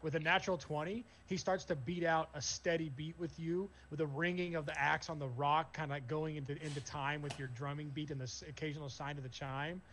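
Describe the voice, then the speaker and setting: A man's voice: on the high side, steady tone, fairly quick, hardly any pauses, a bit bright, a little hiss or hum. A man narrating as game master, casual and full of fillers. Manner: loose, filler-heavy narration.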